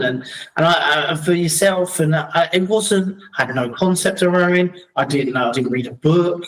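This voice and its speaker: A middle-aged man from London with a South London accent, a podcast guest telling stories in a lively, casual way and acting out what people said. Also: fairly high pitch, normal speed, rough recording. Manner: animated, acts out quoted voices. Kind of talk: casual storytelling chat.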